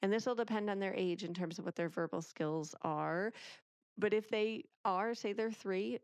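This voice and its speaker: A woman in her thirties, a parenting author as a guest in a casual interview, talking in an animated way and acting out lines of parents and children. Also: mid-range voice, moderate pace, clean tone, dry recording, studio quality.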